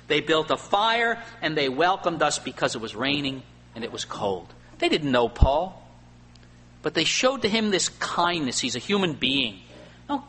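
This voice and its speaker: A male pastor preaching a sermon, swinging between loud emphatic lines and quiet asides. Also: a little high. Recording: faint hum and long hall reverb.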